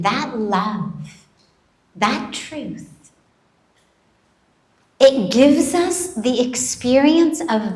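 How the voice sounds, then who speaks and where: A woman spiritual teacher giving a slow, measured, gently emphatic satsang talk to a live audience in a large event hall, her throat dry and catching on coughs. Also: a little high. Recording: roomy echoing hall.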